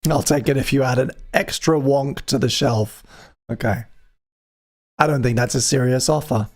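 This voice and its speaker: A man's voice: mid-range voice, fairly even intonation, normal speed. A man hosting a live music stream, chatting casually with wry, self-deprecating jokes.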